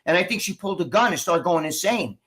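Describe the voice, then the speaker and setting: A man chatting casually on a livestream, telling animated, profanity-laced stories as co-host over a video call. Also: sits high, quick pace. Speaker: show co-host.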